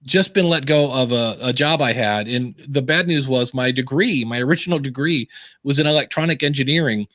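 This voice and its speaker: A man's voice: medium pitch, fairly quick, no room sound, clean studio sound. Chatty man acting out his stories. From Ohio. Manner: animated storyteller acting out quoted voices. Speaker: podcasting guest. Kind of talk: casual interview storytelling. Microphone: video call.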